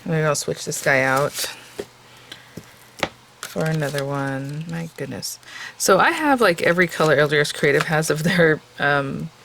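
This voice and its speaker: A woman's voice: low voice, a little slow, gravelly, noisy background. Chatty woman thinking aloud while crafting. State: voice getting tired. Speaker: card-making crafter. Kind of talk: casual crafting tutorial.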